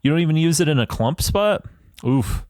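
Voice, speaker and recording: Brief: gamer guy reviewing his match, analytical but foul-mouthed, pitch swings a lot as he talks. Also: lively intonation, normal speed, darkish tone, no room sound, clean studio sound. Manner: profane, ranting, self-assured. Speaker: gaming YouTuber reviewing his own match. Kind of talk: casual gameplay commentary.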